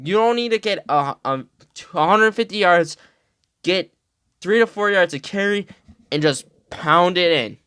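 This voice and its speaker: A man's voice: sits high, animated, a little slow, bright, forceful tone, smooth, no echo, studio quality. A man hosting a podcast, ranting casually and heatedly about football, profane and rambling. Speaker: podcast host.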